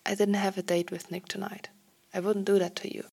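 Woman voicing a gentle, just-woken young man. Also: mid-range voice, flat delivery, fairly quick, breathy edge.

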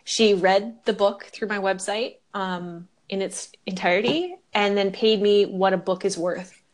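A woman's voice: mid-range voice, a little slow. A young woman co-hosting a podcast in casual chat, candid and ranting, swearing freely. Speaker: podcast co-host.

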